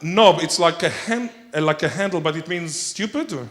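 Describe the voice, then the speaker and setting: A man speaks to a conference audience in a playful, joking manner. His voice sits a little high, and he tosses questions to the listeners between points. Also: lively intonation, moderate pace, a bit bright. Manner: playful, jokey, quizzes the audience. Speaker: keynote speaker. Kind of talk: conference keynote talk.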